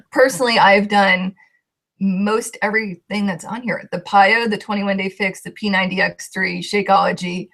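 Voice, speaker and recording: A woman's voice: medium pitch, fairly even intonation, normal speed, gravelly, a bit bright. A young woman, a coach, telling her personal story with heartfelt emotion and a voice that shakes at times.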